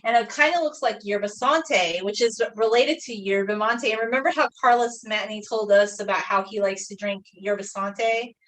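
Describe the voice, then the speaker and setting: A woman's voice: medium pitch, moderate pace, hardly any pauses, fairly bright tone. A young woman chatting casually while painting on a live stream, rambling through a story with lots of fillers like "like". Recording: voice a bit far from the mic.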